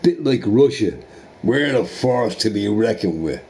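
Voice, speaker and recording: A man chatting casually while streaming a game, rambling and swearing through animated rants and asking "right?" often. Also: fairly low pitch, measured pace. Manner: profane, ranting, animated opinions with frequent "right?".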